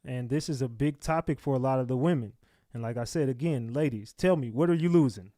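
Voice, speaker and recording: A man's voice: mid-range voice, brisk, warm tone, a little hiss or hum. A man hosting a livestream, talking casually to his viewers and asking them to like and subscribe. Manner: talks straight to viewers, asks for likes. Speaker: livestream host. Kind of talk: casual commentary to live chat.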